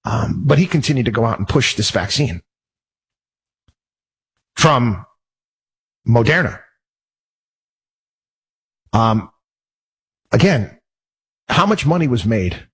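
A man hosting a talk show, talking in a husky, breathy voice. His monologue is indignant and worked up, and it rambles along with frequent restarts and repeated words. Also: mid-range voice, lively intonation, slow pace, pauses often. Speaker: radio talk show host. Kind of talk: casual monologue.

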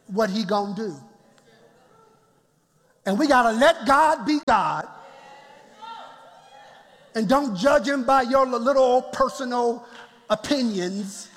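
A man's voice: very high-pitched, expressive, slow, long pauses, a bit bright, in a large hall. A man preaching a sermon as pastor in a church, laughing often and calling out to the congregation.

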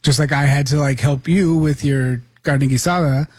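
A man co-hosting a talk radio show, answering in an easygoing, measured way. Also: a little high, steady tone, a little mellow, breathy edge, no echo. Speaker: radio co-host. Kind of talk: casual talk radio banter.

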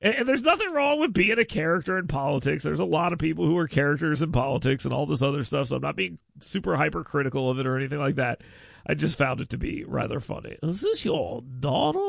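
Chatty gravelly-voiced radio host man. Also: fairly high pitch, expressive, quick pace, a bit bright, no room sound, clean studio sound. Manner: rambling storytelling with mocking put-on voices. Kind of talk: casual radio chat.

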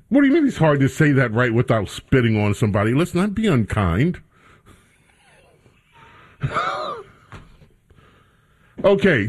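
A man hosting a talk radio show, bantering with his studio crew in a casual commentary style. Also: mid-range voice.

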